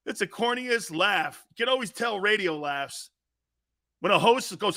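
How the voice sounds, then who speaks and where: A man's voice: high voice, expressive, moderate pace, sharp tone. A man hosting a sports talk show in a blunt, profane, mocking monologue, laughing often.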